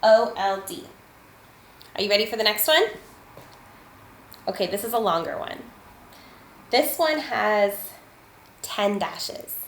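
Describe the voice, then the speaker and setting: Slow, patient woman teaching spelling. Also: medium pitch, expressive, a bit bright. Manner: slow, patient, sounds out words and counts aloud. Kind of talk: spelling lesson for children. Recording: echoey room, faint ambient noise.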